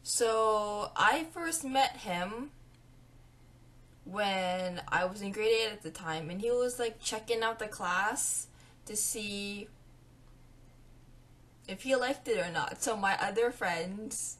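A young woman vlogging a storytime, chatty and animated, acting out what her friends said. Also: medium pitch, slow, pauses often. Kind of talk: storytime vlog.

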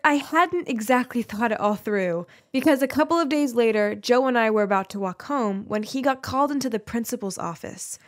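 A young woman narrating an animated story in the first person as a teenage girl, with chatty storytelling. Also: on the high side.

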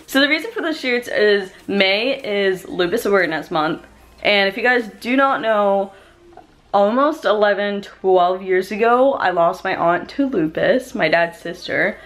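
A woman's voice: medium pitch, a bit bright. A young woman vlogging from home, chatty and bubbly, talking straight to her viewers. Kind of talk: casual vlog chat.

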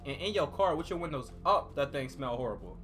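A man's voice: fairly high pitch, sing-song, fairly quick, fairly bright tone, faint music behind. Man joking through gameplay commentary. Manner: casual, joking, talks to viewers as y'all. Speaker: gaming YouTuber.

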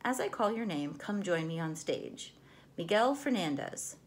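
A woman's voice: on the low side, lively intonation, a little slow. A woman voicing an eccentric, flamboyant older male game-maker with a theatrical, playful showman delivery. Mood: grand.

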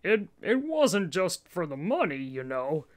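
A woman voicing a remorseful middle-aged father who speaks in a halting, apologetic way. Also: lowish voice, very animated. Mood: defensive.

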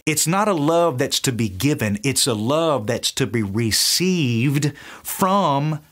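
A man's voice: mid-range voice, animated, slow, fairly bright tone. A man with a Southern US accent, teaching from the Bible with enthusiasm and acting out the dialogue. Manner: enthusiastic, acts out quoted dialogue. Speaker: preacher.

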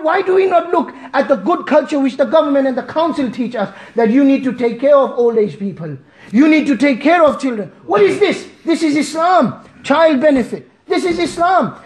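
A man from Malawi delivering an emotional Friday sermon, impassioned and pleading, at times near shouting. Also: very high-pitched, animated, moderate pace. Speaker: preacher. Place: mosque. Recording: echoey mosque hall.

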